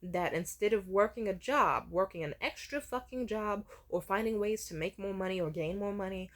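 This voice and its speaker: Brief: young woman vlogger, frank and profane, middle pitch, storytime delivery. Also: normal speed. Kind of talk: storytime vlog.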